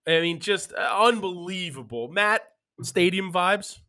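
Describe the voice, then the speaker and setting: A young man from Philadelphia hosts a relaxed sports betting chat. His voice is bright and sits a little high, and he talks in an easygoing way, tossing questions to his co-hosts. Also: unhurried. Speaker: podcast host.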